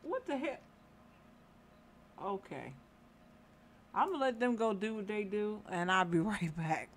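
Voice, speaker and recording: A woman's voice: medium pitch, animated, a little slow, slight background noise. A woman casually commentating a life-simulation game, scolding the characters in exasperation. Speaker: gameplay commentator. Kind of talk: casual let's-play commentary.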